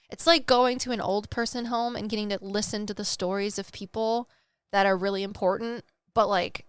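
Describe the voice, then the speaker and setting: In a relaxed storytelling chat, a medium recounts a psychic reading, chatting emotionally and at times tearing up even as she laughs. Her voice sits on the high side, with a fairly bright, clear, resonant tone. There's no echo in the recording.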